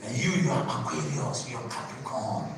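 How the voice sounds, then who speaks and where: A man, a pastor preaching a sermon, switching between low asides and sudden shouted bursts while he questions the congregation. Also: very animated, normal speed. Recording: echoey hall from far off with noise.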